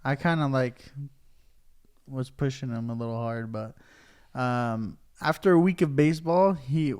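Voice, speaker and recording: A man's voice: mid-range voice, a little slow, a little mellow, clear, resonant tone. A man co-hosting a podcast, talking loosely about his kids with many fillers. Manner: loose, rambling, filler-heavy. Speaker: podcast co-host. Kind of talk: casual chat.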